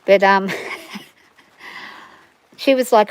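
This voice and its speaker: A woman's voice: on the high side, moderate pace, long pauses, dry recording, poor audio. A middle-aged woman with an Australian bush accent, chatting casually and rambling to viewers on a livestream from her farm. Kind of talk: casual chat. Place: outdoors on a farm in the rain.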